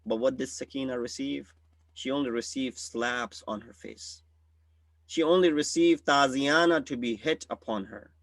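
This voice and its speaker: A man's voice: medium pitch, moderate pace, no room sound. A man, a religious scholar, telling a solemn story in a mourning sermon.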